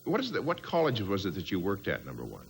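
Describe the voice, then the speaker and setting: A man on a game show panel, asking halting, wry questions. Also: sits low, wildly swooping pitch, creaky, soft background music. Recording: loud background noise.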